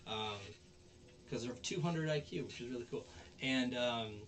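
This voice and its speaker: A man's voice: mid-range voice, moderate pace, fairly bright tone, slight background noise. A man hosting a podcast, casually recapping an anime episode with lots of fillers and restarts. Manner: rambling, many fillers and restarts. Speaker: podcast host.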